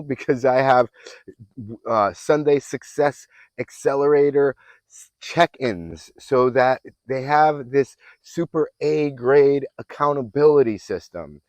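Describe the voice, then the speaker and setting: A man's voice: mid-range voice, dry recording. A man working as a fitness and mindset coach gives an earnest, affirming motivational talk that sometimes rambles and restarts. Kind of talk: motivational self-help talk.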